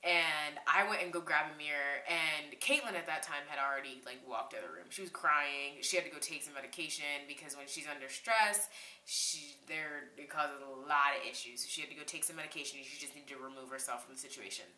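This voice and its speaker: A young woman telling a casual storytime vlog, animated and slangy, rushing through with lots of "like"s. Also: low voice, roomy sound. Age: young adult. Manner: animated, slangy, talks in a rush with many "like"s. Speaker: vlogger.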